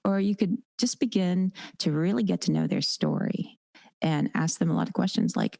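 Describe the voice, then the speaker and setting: A woman dominatrix and educator talking casually as a podcast guest, animated, acting out quoted lines. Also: lowish voice, normal speed, creaky, no echo. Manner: animated, acts out quoted voices.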